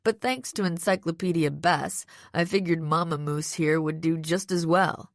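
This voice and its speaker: A woman's voice: sits low, moderate pace, dry recording, clean studio sound. Woman reading a smug, sneering male villain. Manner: sarcastic, mocking, smug. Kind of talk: audiobook character voice.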